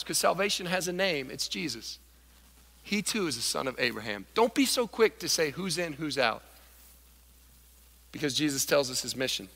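A male pastor delivers a lively sermon in a big church hall, his fairly high, bright voice swinging widely in pitch as he acts out characters and crowds. The long reverb of the room trails after his lines. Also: moderate pace, gravelly, slightly rough.

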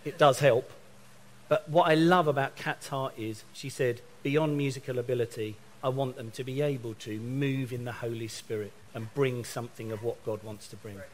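A man's voice: mid-range voice, fairly even intonation, normal speed, slight background noise. A middle-aged man from England preaching a sermon, telling a story and acting out both sides of his phone calls.

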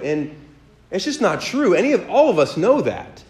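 A man leading a sermon as pastor, reading scripture aloud slowly and then preaching in a lively, joking way. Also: high-pitched.

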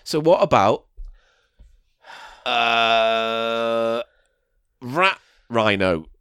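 A man's voice: medium pitch, lively intonation, extremely slow, a bit bright, clean tone, no echo, studio quality. A man co-hosting a comedy podcast, talking in a plain, indignant way. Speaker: podcast co-host.

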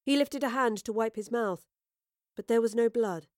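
A woman narrating an audio drama in a measured, expressive storytelling manner on a close studio mic. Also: a little high, dry recording.

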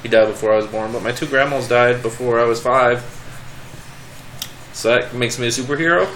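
A young man co-hosting a casual podcast chat, animated and quick to laugh, trailing off and restarting as he thinks. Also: medium pitch, a little hiss or hum, poor audio. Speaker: podcast co-host.

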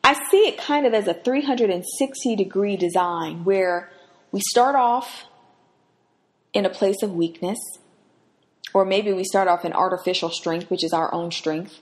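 A woman's voice: medium pitch, normal speed. A woman hosting a podcast, giving an earnest, emphatic devotional Bible teaching. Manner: earnest, emphatic, rises sharply when acting out quotes.

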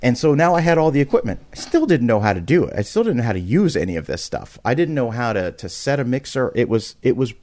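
A man guest on a podcast, telling a story in a casual, animated way, often restarting and repeating words and acting out quotes with big jumps in pitch. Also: fast talker, hardly any pauses.

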